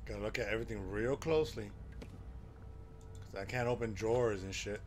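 A man giving live commentary while playing a horror game, excitable and exclaiming and swearing at the scares. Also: lowish voice, a little fast, a little hiss or hum. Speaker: game streamer.

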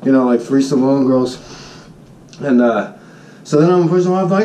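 A man, a high school Spanish teacher, telling a story in a jokey, boastful vlog and acting out his own shouts. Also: moderate pace, roomy sound, recorded from a distance, low-quality recording. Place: Honolulu.

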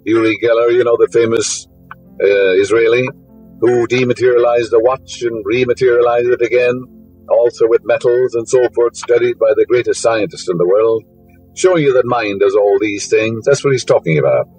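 A man's voice: mid-range voice, normal speed, darkish tone, soft background music, poor audio. A man giving a spiritual lecture, full of fillers, whose voice rises sharply on key words. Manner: rambling, fillers, rising emphasis on key words.

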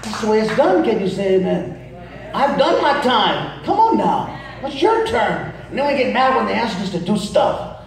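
A man preaching a humorous sermon to a youth crowd, telling family stories with lively call-and-response asides. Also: high voice, normal speed, creaky. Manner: animated, storytelling, calls to the crowd. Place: large church hall. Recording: very echoey hall, distant mic.

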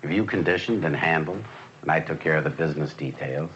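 An actor playing a persuasive businessman in the cockfighting world, in a smooth and showy manner. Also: a bass voice, fairly quick, a bit bright. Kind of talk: film dialogue. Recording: dull lo-fi film sound, barnyard noise.

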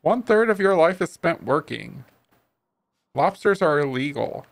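A man voicing a talking toy tuna in a video game, reciting odd fun facts in a flat, matter-of-fact way. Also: a little high, a little slow, vocal fry, no room sound, heavily acted. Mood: deadpan. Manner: cheerful deadpan fact recital.

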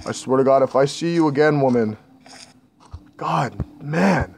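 A young man with a slightly high voice talks viewers through a horror game, jittery and panicky from start to end. A faint noisy hiss sits under his desk recording. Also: moderate pace, fairly bright tone. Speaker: gaming channel host. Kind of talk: scared horror gameplay commentary.

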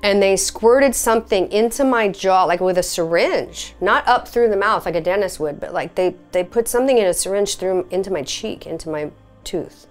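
A woman's voice: mid-range voice, moderate pace, soft background music. A woman recounting a personal experience in a conversational, filler-heavy way, her voice leaping up when she relives quoted moments. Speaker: experiencer sharing her story. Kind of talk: personal testimony.

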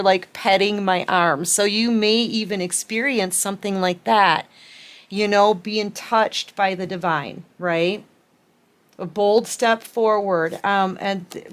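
A woman reads tarot cards for her viewers, addressing them directly and affectionately. Her delivery is slow and unhurried, yet she gushes with excitement and breaks into laughter between lines. Her pitch sits in a middling range. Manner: excitable and gushing, with frequent laughs and exclamations. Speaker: tarot reader. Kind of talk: collective tarot reading to camera.

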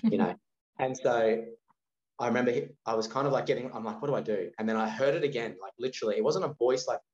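A man's voice: medium pitch, fast talker. A man from Australia in his thirties, a guest telling a personal story in a casual interview, acting out the voices of the people in it. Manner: animated storyteller acting out quoted dialogue. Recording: roomy, slightly dull sound.

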